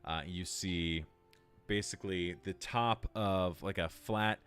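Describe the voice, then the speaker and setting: A man's voice: deep voice, steady tone, takes it slowly, fairly bright tone, smooth, soft background music. A man narrating as game master in a casual, filler-heavy way.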